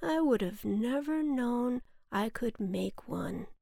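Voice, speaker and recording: A woman's voice: a little high, expressive, exaggerated voice. Woman putting on a sad lonely rain cloud. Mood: wondering. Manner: slow, mournful, often breathy and hushed. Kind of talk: children's storybook reading.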